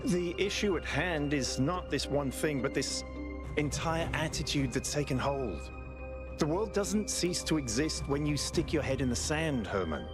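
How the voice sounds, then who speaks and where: An actor playing a lecturing, reproachful robot skeptic in a video game. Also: male voice, a little high, expressive, a little slow, music in the background. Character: grumbling male robot skeptic, told-you-so.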